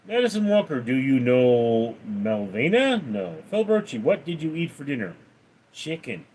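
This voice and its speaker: A man hosting a casual livestream Q&A reads donor names and viewer questions aloud in a lively, raised voice, then answers them flat and low. He talks at normal speed.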